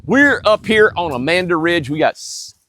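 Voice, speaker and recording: A man's voice: big pitch swings, moderate pace, a bit bright. Nasal man with a head cold. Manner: folksy, plainspoken, pitching to viewers. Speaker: home builder giving a property tour. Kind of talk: casual sales walkthrough. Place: outdoors on a windy ridge. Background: wind.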